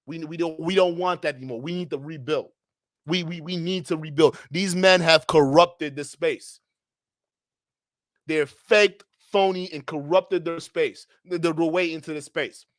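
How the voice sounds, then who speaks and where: A high-pitched man hosts a livestream in heated commentary. He rants loudly and profanely, often repeating words. His voice is dry and close to the mic. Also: fairly even intonation, measured pace, dry recording. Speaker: livestream host.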